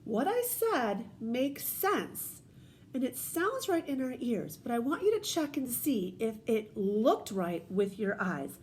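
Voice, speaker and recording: A woman teacher in her thirties, leading a children's read-aloud lesson. She asks questions and encourages, with a high voice that swings widely. A faint hum of background noise sits under her voice. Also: sing-song, slow pace, a little mellow.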